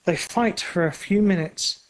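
A storyteller reading a children's story aloud in plain, simple, measured sentences. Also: mid-range voice. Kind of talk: slow storybook narration.

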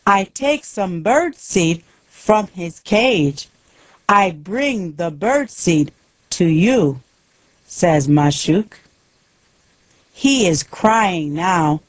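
Very slow, lively woman storyteller. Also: on the low side, dry recording. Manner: very slow, deliberate, simple sentences. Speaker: narrator. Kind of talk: scripted narration of a simple graded-reader story.

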